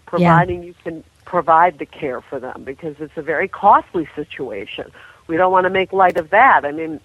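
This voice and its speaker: A woman guest talking with deep feeling and animation about the rescue dogs she loves and a book she wrote. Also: normal speed, dry recording, lo-fi sound. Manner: heartfelt, animated, full of feeling. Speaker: guest, author of a dog book. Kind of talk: emotional interview storytelling.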